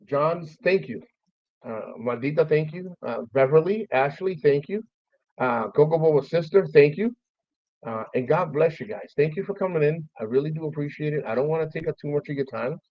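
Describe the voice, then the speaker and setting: A man's voice: on the high side, lively intonation, normal speed, no echo. A man hosting his own stream, talking casually about a lost friend, swearing freely and thanking listeners by name. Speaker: podcast host. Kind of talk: casual memorial monologue. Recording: dull, dry, lo-fi stream audio.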